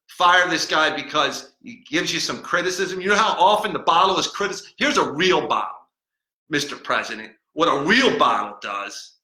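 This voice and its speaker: A man's voice: a little high, pushed and bright. A man hosting a comedic podcast as a boastful, cranky talking-bottle persona, rambling and mocking and stumbling over words. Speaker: podcast host. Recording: echoey room.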